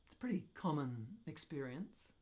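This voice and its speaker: A man's voice: a little high, big pitch swings, normal speed, a little mellow. Musing man talking to camera. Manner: thoughtful, musing, self-questioning. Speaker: personal growth vlogger. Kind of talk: reflective solo talk to camera.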